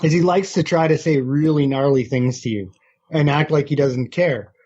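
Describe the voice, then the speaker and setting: A man's voice: a little high, normal speed, darkish tone, husky, dull audio. A man co-hosting a podcast, telling brash, profane stories in casual banter. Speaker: podcast co-host.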